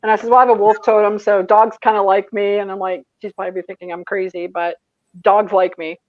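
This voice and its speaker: A woman's voice: mid-range voice, little pitch movement, fairly quick, no echo, lo-fi sound. A woman from Michigan, a psychic medium, telling a story as an interview guest, laughing often and acting out the voices she quotes. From Michigan, USA. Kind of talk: animated storytelling in a casual interview.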